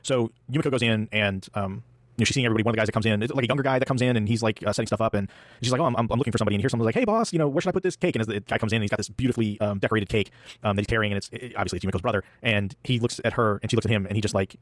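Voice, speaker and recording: Male podcast host, rapid casual recap, dry sound. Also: fairly low pitch, fairly even intonation, dry recording. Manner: rambling with fillers, acts out quotes.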